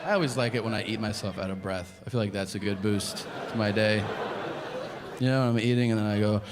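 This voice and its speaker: A man in his forties doing a profane, deadpan stand-up routine and acting out his exchanges with strangers. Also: on the low side, brisk, noisy background. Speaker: stand-up comedian. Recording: live stage mic over crowd laughter. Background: audience laughter.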